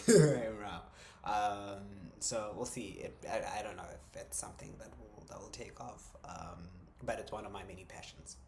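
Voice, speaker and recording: A man talking through a personal creative journal in a reflective vlog, hesitant, with many ums, restarts and soft chuckles. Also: on the low side, moderate pace, creaky, a little hiss or hum. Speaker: vlogger.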